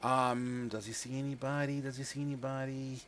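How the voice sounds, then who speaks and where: A man's voice: mid-range voice, little pitch movement, fairly quick. A man running a tabletop game as game master, joking and swearing loosely as he narrates.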